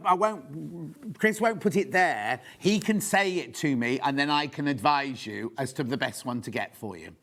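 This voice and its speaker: A middle-aged man presenting a live shopping show, chatty and rambling, poking fun at himself as he reads out viewer questions. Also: on the high side. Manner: chatty, rambling, self-deprecating.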